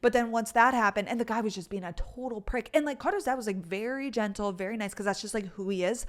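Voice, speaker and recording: Talking fast in a slightly high voice, a young vlogger rambles through a casual story for her viewers. Her chatty delivery is packed with filler words like "like" and plenty of swearing.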